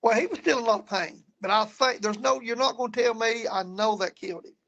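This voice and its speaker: Speaking quickly in an extremely high, creaky voice with a fairly bright tone, this man appears as a guest paranormal investigator recounting ghost hunts. He rambles casually, repeating words and starting over, and the audio sounds dull.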